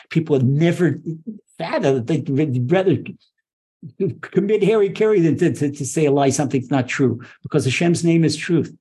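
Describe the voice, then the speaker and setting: A man teaching a religious lesson in an impassioned, animated way, often repeating and restarting his words. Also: mid-range voice, vocal fry, slightly rough. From Israel. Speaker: rabbi teaching Torah.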